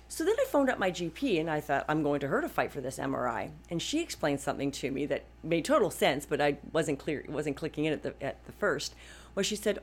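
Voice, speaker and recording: A woman's voice: sits low, big pitch swings, brisk. A woman in her fifties talking casually and emphatically to her viewers about advocating for yourself, often restarting her sentences. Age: 50s. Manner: chatty and emphatic, with frequent restarts. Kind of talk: casual personal talk to viewers.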